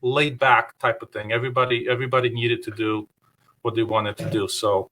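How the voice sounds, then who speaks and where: A man's voice: mid-range voice, level tone, brisk, pushed and bright. A man being interviewed about his past, telling rambling anecdotes with lots of fillers and quoting his own past remarks. He is speaking over a video call. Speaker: guest guitarist. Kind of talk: casual interview storytelling.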